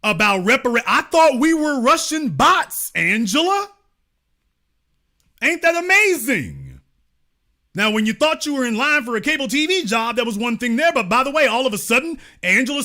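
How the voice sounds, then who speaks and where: High, bright-voiced man mocking sarcastically. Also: big pitch swings, normal speed. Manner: mocking, theatrical, rhetorical questions. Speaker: online show host. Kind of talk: sarcastic political commentary.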